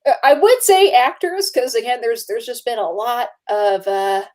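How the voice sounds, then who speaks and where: A woman co-hosting a casual live movie chat, talkative and quick to laugh, with many fillers. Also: fairly high pitch, a little mellow. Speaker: co-host.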